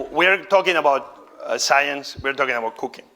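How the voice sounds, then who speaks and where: With a medium-pitched, bright, forceful voice at a moderate pace, a non-native English-speaking man leads a live cooking demo as a chef. He plays the showman with exclamations before settling into a frank, conversational manner.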